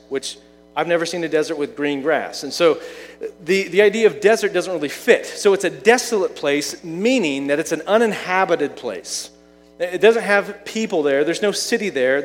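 A man preaching a sermon in a relaxed, conversational way, asking the listeners questions. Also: on the high side, big-room sound. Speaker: pastor.

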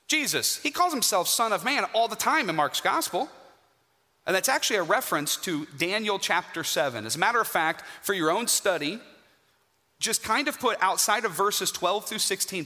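A man preaching a sermon in a church, emphatic and dramatic, with pauses for effect. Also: high-pitched, pushed and bright. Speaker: guest preacher. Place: church sanctuary. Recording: hall reverb.

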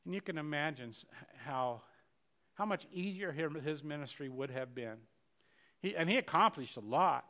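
A middle-aged man delivering a sermon with a fairly high-pitched voice. He speaks earnestly, restarting phrases and doubling words. He swings from hushed, intimate passages to sudden loud emphasis. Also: lively intonation, normal speed. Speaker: pastor.

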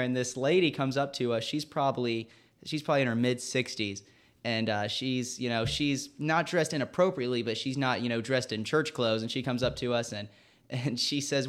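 Smooth-voiced young man telling a story. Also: mid-range voice. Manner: laughing as he tells a story. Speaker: guest. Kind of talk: storytelling in an interview.

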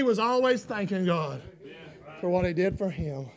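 A man preaching a sermon, loud and folksy with fervent emphasis. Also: high voice, expressive, moderate pace. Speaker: pastor.

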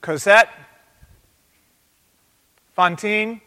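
A man preaching an interactive sermon, animated and calling out to the congregation for answers. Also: high-pitched, very slow, clear, resonant tone, big-room sound.

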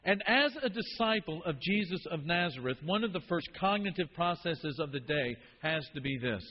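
A man's voice: a little high, animated, moderate pace, in a large hall, dull audio, a little hiss or hum. A male pastor preaching a sermon to his church, emphatic and fond of repeating key phrases. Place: church sanctuary.

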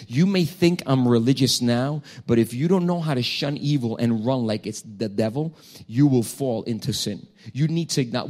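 A male pastor delivers a sermon by telling a personal story. His delivery is animated, with frequent restarts and repeated phrases. His voice sits at an ordinary middle pitch for a man. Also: normal speed.

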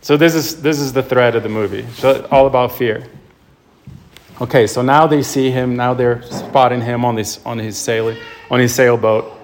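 A man's voice: mid-range voice, steady tone, normal speed, slight background noise. Man preaching a storytelling sermon. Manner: storytelling, emphatic retelling of a film. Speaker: priest.

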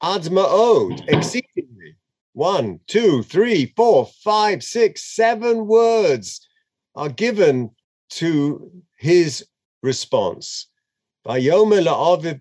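Animated man chanting and explaining scripture. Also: on the high side, very slow. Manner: chants Hebrew verses then translates, dramatic and expressive. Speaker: Torah teacher. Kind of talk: animated text study lesson.

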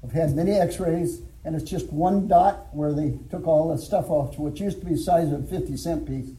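A man's voice: fairly high pitch, moderate pace, dark tone, rough recording. An older man, a former alcohol counselor, telling his testimony and preaching in a folksy storytelling way with chuckles. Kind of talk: church testimony and sermon.

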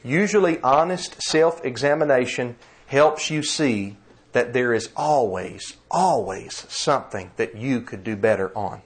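A man preaching a sermon, earnest and emphatic, slowing down to read scripture. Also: medium pitch.

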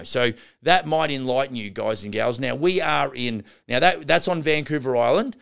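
A man's voice: fairly high pitch, a little slow, creaky, fairly bright tone, smooth. A man hosting a show and coaching contractors in a casual, rambling way, often restarting sentences and calling listeners guys and gals. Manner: rambling, with frequent restarts and asides. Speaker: podcast host and renovation business coach. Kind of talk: casual instructional talk.

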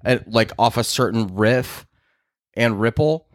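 A man's voice: medium pitch, unhurried. A man co-hosting a casual podcast, teasing and laughing often, explaining things earnestly. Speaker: podcast co-host. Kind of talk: casual chat.

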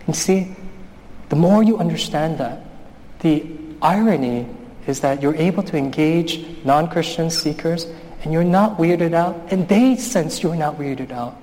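A man's voice: on the high side, a little slow. Man preaching in a reverberant church. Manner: conversational preaching with animated personal storytelling. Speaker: pastor. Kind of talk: sermon. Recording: long hall reverb.

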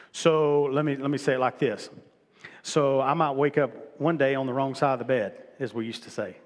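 A man's voice: medium pitch, moderate pace, big-room sound. A middle-aged male pastor preaching a sermon in a casual, conversational way, often repeating himself and restarting phrases. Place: church sanctuary.

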